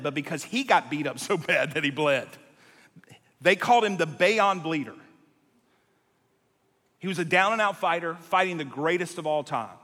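Male preacher, bright and forceful tone, lively sermon storyteller, heard with the long echo of a big hall. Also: fairly high pitch. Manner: animated, jumps between tangents, acts out quotes. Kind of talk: sermon storytelling to a live congregation. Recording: long reverb of a large hall.

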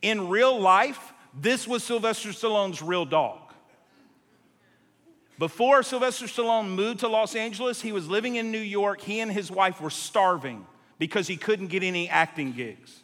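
A male preacher with a bright, forceful, fairly high voice tells stories at a normal speed to a live congregation. His sermon is animated, jumping between tangents and acting out quotes, and the recording carries the long reverb of a large hall.

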